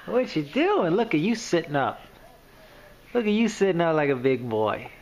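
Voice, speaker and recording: A woman's voice: low voice, big pitch swings, moderate pace, darkish tone. A woman at home, playfully coaxing a baby for photos in a home video. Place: home, indoors. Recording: dull home video sound.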